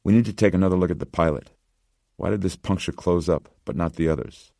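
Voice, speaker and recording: Narrator's take on a driven male doctor, urgent, very low voice. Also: gravelly, warm tone, no echo, studio quality. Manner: quick, pressing questions.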